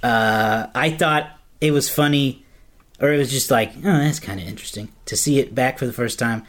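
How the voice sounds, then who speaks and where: A man on a casual podcast panel, giving measured opinions. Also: medium pitch, fairly bright tone. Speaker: podcast co-host. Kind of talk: casual group chat.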